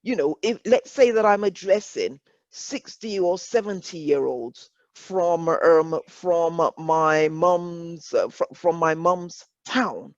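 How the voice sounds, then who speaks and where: A woman with an English accent presenting an online workshop, measured and deliberate, repeating phrases for emphasis. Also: fairly low pitch, no echo, muffled recording.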